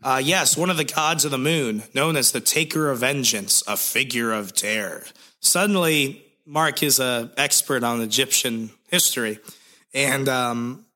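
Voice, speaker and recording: A man casually retelling a comic's plot with lively storytelling and crude jokes. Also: medium pitch, unhurried. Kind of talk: casual comic recap chat.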